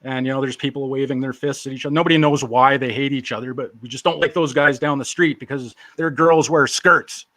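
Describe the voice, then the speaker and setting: A man in his forties, a guest in an interview, telling his story in a relaxed, joking, self-deprecating way. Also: medium pitch, a little fast, hardly any pauses, dry recording. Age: 40s. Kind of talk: casual storytelling.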